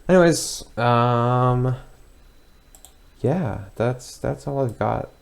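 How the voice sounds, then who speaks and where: A young man talking casually as he reacts to his own old video, hesitant and rambling, with lots of pauses and restarts. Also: mid-range voice, gravelly, clear, resonant tone. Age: young adult.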